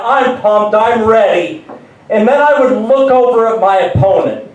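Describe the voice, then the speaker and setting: A man's voice: high-pitched, moderate pace. A male stand-up comedian telling self-deprecating stories with frequent restarts, in a large venue before an audience. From United States. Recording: echoey room, voice far from mic.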